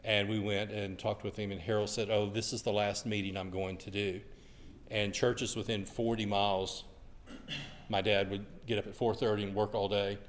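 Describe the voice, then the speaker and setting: Man, folksy storyteller, church co-teacher, lowish voice, reverberant hall. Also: little pitch movement, normal speed. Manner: folksy, anecdotal. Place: church classroom.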